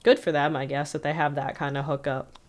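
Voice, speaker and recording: A podcast co-host with a deep, level, brisk voice casually recaps a cartoon episode, rambling along with frequent "like"s and plenty of fillers.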